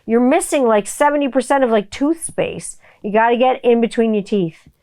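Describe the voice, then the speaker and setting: Brief: middle-aged woman host, rambling solo podcast, salty and animated, voice sits a bit high. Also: normal speed. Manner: chatty and profane, acts out quotes in a high kid voice. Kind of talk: casual solo podcast monologue.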